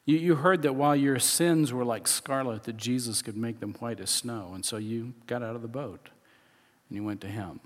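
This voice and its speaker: This pastor's mid-range voice moves at a normal speed through a large hall. His sermon is conversational, full of chuckles and restarts while he unpacks scripture.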